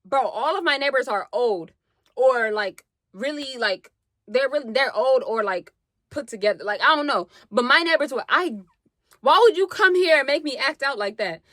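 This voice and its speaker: A young woman telling a story on her vlog, animated and slangy with plenty of swearing, acting out what people said. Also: sits high, normal speed, dry recording. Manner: animated, slangy and profane, acts out quotes. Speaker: vlogger.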